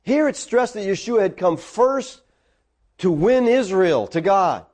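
A man preaching a sermon, animated and acting out the voices of the people in the story. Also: high-pitched, a little slow.

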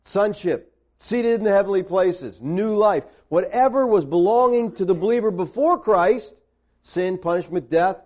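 A man preaching an expository Bible teaching sermon, stressing key words and slowing on quoted verses. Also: sits high, lively intonation, darkish tone. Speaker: pastor. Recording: dull lo-fi sermon recording.

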